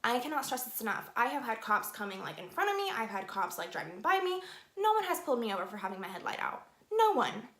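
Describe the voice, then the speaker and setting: A woman's voice: on the high side, fast talker. Chatty young woman in an echoey room. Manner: chatty, animated, lots of "like". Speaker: beauty vlogger. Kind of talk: casual storytelling while doing makeup.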